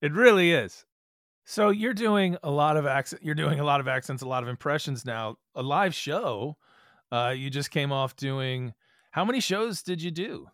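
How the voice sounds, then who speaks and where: A man hosting a podcast interview, asking animated, rambling questions. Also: on the high side, normal speed, no echo, studio quality. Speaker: podcast host. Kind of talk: casual interview chat.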